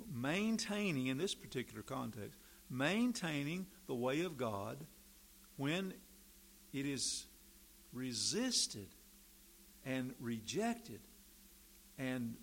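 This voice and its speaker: Slow, gravelly male preacher. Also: a little high, sharp tone, slight background noise. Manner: slow and deliberate, stressing words, with pauses and fillers. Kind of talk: sermon.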